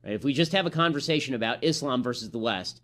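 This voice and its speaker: A man runs through a political commentary monologue at a quick clip. He sounds combative and sarcastic and keeps restarting phrases as he pushes his points. His voice sits at a middle pitch. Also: animated, a bit bright.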